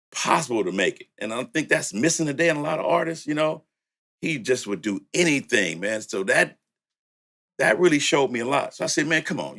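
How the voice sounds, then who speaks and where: A man's voice: mid-range voice, fairly bright tone. A middle-aged man with a Southern country accent, a music producer telling stories as an interview guest, laid-back and laughing as he acts out old conversations. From Louisiana, raised in the Bay Area. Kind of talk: storytelling interview.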